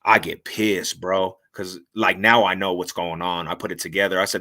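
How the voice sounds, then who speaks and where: A man talks as a podcast guest, spinning a story with a bright, forceful edge to his voice. He is animated and slangy, swears freely, and acts out what people said. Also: sits low, moderate pace. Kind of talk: casual storytelling.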